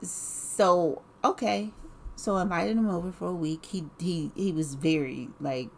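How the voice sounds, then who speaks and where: A woman casually telling a personal story in an animated way, full of "like" and laughs. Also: fairly low pitch, unhurried, gravelly, a little hiss or hum.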